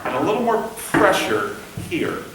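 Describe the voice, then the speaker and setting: A man's voice: sits high, big pitch swings, moderate pace. Patient male conducting teacher, echoey room. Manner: patient, demonstrative, sings syllables to show rhythm. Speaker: conducting instructor. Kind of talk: classroom coaching. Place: rehearsal room. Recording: echoey room from far off, faint hiss.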